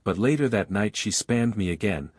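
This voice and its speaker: A man telling a first-person romance story with a lowish voice, in long, unbroken sentences that keep a steady flow. The sound is dry and close, with no room around it. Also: moderate pace, dry recording. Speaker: narrator.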